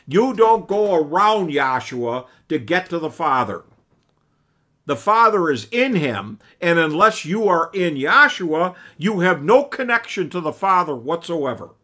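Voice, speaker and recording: Preaching with earnest emphasis, a man teaches a Bible class on a video call and keeps returning to his old teacher's words. He speaks in a fairly bright tone, pitched a little high.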